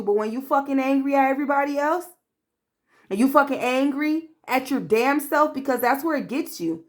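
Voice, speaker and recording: A woman's voice: sits high, normal speed. A woman doing a tarot reading to camera in a blunt, profane, streetwise manner, calling the listener babe and acting out quoted voices. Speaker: tarot reader.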